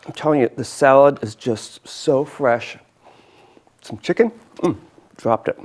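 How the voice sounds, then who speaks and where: A man hosts a homey local cooking show. He talks in a chatty, enthusiastic way while demonstrating a dish, and keeps talking even while chewing. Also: medium pitch, unhurried. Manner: chatty, enthusiastic, eats and talks with mouth full.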